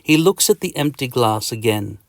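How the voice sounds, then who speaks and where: Lively man reading a storybook. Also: medium pitch, normal speed, creaky, no room sound, clean studio sound. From Australia. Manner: second-person storytelling, lively. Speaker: author and narrator. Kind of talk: children's audiobook narration.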